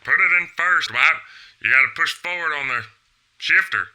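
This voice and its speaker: A man voicing a calm, coaxing male pit spotter speaking over the radio. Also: fairly high pitch, normal speed, heavy background noise, lightly acted. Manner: unbothered, coaxing.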